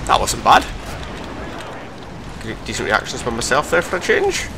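A young man giving live commentary over his own gameplay, swearing and mocking himself between sudden excited outbursts. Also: medium pitch, normal speed, creaky, background noise. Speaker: gaming commentator.

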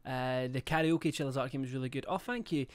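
A man's voice: mid-range voice, quick pace, smooth. A young man livestreaming a game, chatting casually, swearing a lot and reading out chat and subscriber messages. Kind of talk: casual live-stream chat.

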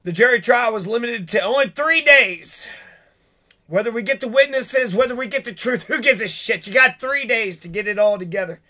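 A man's voice: very high voice, moderate pace, sharp tone. A man venting in a profane, sarcastic, rambling monologue, swearing often and mocking the people he is angry at. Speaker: vlogger.

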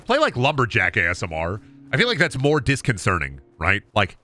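Lively, rambling male game streamer. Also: fairly low pitch, fairly quick, hardly any pauses. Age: 30s. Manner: rambling, profane, jokey. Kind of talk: casual gaming commentary.

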